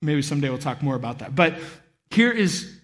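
A man giving a sermon as a pastor, telling stories in a lively way and acting out voices. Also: a little high, fairly quick, in a large hall. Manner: animated storytelling, acts out voices. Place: church hall.

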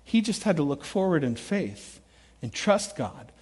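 A middle-aged man preaching from the front of a large church hall, his voice sitting high for a man. He tells stories with animated swings, shouting one moment and dropping to a hushed intensity the next. A long reverb trails every phrase. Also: measured pace, slightly rough. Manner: animated storytelling, swings between loud shouts and quiet intensity. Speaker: pastor. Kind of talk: sermon.

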